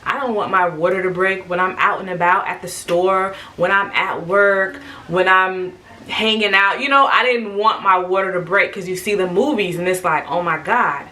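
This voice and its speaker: A young woman telling a story in a casual, animated way, acting out what people said. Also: mid-range voice, moderate pace, distant mic, low-quality recording. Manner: animated, lively, quotes people in raised voices. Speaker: vlogger.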